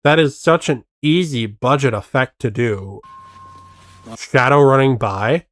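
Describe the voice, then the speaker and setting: A man's voice: medium pitch, unhurried, no echo, studio quality. A man streaming casual reaction commentary, skeptically picking apart how a video was faked. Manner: skeptical, picks apart tricks.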